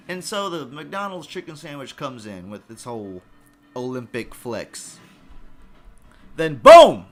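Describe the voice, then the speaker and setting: A man hosting a podcast, rambling through a profane, excitable comedic food review. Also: fairly high pitch. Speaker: podcast host.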